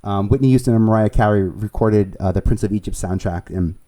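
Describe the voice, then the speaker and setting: A man with a New York accent, a producer and casting director, chatting as an interview guest in an animated way, laughing easily and restarting his sentences. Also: fairly low pitch, fairly quick. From Staten Island, New York. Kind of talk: conversational storytelling.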